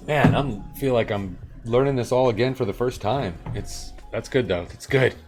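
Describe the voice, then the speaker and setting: A man's voice: mid-range voice, moderate pace, a little mellow. Rambling man, faint music behind. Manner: rambling, thinks aloud, chuckles at himself. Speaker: live-coding streamer. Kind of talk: casual coding chat.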